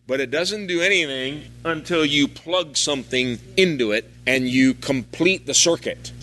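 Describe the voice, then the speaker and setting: A man preaching a sermon, reading scripture aloud and acting out its lines with shifting, animated delivery. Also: on the high side. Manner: animated, dramatizing scripture quotes with shifting voices.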